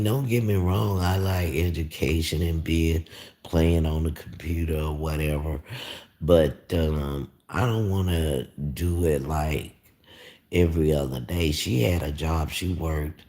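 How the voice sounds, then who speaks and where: A man's voice: very deep voice, mellow. A man chatting casually on a livestream, rambling with lots of fillers and cursing freely. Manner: rambling, profane, meandering with many fillers. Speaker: YouTuber on a livestream. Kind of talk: casual live-stream chat.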